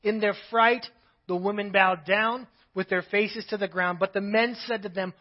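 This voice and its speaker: A man with a fairly high voice preaches from the pulpit, reading scripture and pausing for his own asides. The recording is a little dull and lo-fi. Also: fairly even intonation. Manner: reads scripture aloud, breaking off for asides. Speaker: pastor.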